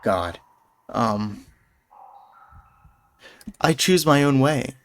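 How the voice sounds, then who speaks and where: A young man playing a gamebook on stream, reading its text aloud and breaking off into excited, rambling asides. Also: mid-range voice, slow, pauses often. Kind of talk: casual let's-play narration.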